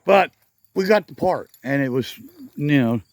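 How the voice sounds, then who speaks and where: A man's voice: a little high, lively intonation, measured pace, creaky, no room sound. A middle-aged man chatting casually in a garage vlog outdoors, rambling and correcting himself with frequent chuckles. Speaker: garage channel vlogger.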